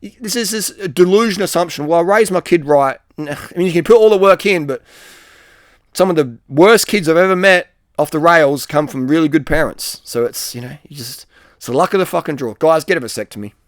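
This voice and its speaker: A middle-aged man rants in a blunt, cursing, rambling monologue. His voice sits fairly high for a man, and his sentences fade into low, soft tails. The recording is dry and close. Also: brisk, no room sound. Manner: blunt, profane, emphatic, trailing off on "man". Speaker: vlogger giving advice.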